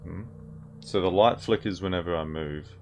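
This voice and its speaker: A man's voice: low-pitched, moderate pace, darkish tone, faint music behind. A man casually commentating a horror game, with wry, sarcastic asides. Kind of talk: casual let's-play commentary.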